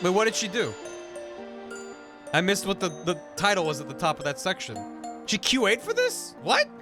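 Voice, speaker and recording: An excitable male streamer chatting his way through a game, his voice sitting a little high and swinging up and down a lot. He laughs easily and keeps the talk rolling, with the game's music playing clearly underneath him. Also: moderate pace. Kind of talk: live gameplay commentary. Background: video game music.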